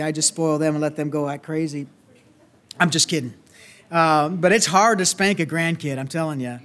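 High-voiced Southern pastor preaching. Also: male voice, a bit bright. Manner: folksy, earnest preaching with many fillers and restarts. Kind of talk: sermon.

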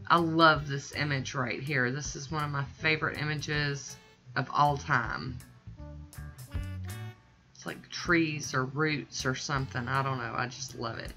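A woman's voice: low voice, bright, forceful tone. A woman chatting casually through a nail art tutorial, gushing and a little self-deprecating.

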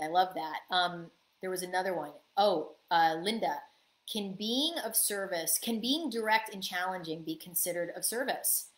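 A woman's voice: medium pitch, fairly bright tone, reverberant. A woman business coach giving a live online coaching talk, answering chat questions and acting out little quoted exchanges.

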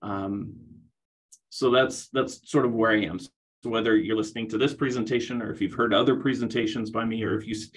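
A middle-aged man giving a conference presentation on rehabilitation, talking in a halting way with many restarts. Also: lowish voice, fairly even intonation, low-quality recording. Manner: hesitant, many restarts and fillers.

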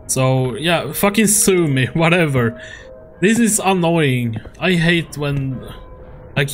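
A man commenting on a horror game as he plays it, swearing often and laughing at his own frustration. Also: fairly high pitch. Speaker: gaming YouTuber. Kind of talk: let's play commentary.

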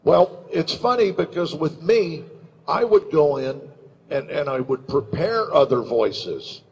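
Older male panel guest, gravelly delivery, animated storyteller, handheld mic. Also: on the high side, takes it slowly, slight background noise, poor audio. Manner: animated, slips into announcer and character voices. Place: convention panel room. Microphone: handheld microphone.

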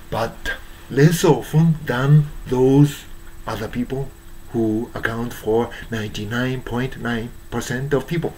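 A man with a Japanese accent, hoarse from strain, giving a halting monologue full of fillers and restarts. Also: mid-range voice, a little mellow, a little hiss or hum, poor audio. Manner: halting, many fillers and restarts, searching for English words. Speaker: YouTuber. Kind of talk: slow rambling monologue.

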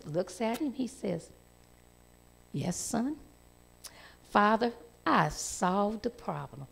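A woman telling a children's story in church, with animated storytelling and lively voice changes. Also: fairly high pitch, slow, gravelly, pauses often.

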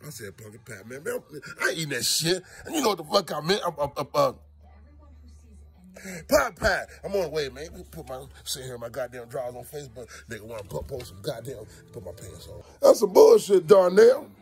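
A young man ranting loudly and comically, swearing and exasperated, talking from outdoors and in a car. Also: mid-range voice, expressive, a little fast, slightly rough, faint music behind. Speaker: comedian. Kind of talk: profane comedic rant.

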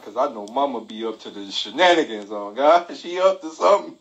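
A man telling a comic story on a live stream, animated and laughing, with frequent exclamations. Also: medium pitch, normal speed, hardly any pauses, lo-fi sound. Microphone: phone mic.

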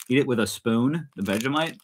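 A man's voice: medium pitch, expressive, a little fast, a little hiss or hum. A man hosting a casual unboxing vlog, chatting and laughing often as he opens parcels. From United States. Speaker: vlog host. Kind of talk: casual chat while unboxing.

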